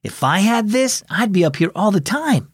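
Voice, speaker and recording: For a children's audio story, a man voices an eager, excitable young boy, pitching a slightly rough voice high above his own with a raised, wide-eyed, exaggerated delivery at normal speed. He sounds excited and full of wonder. The recording is dry and clean, studio quality.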